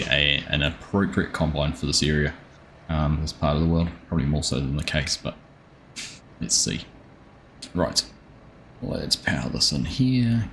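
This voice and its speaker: A man's voice: rumbling low, a bit bright, a little hiss or hum. A man streaming a farming game live, chatting easily and greeting viewers by name with plenty of ums.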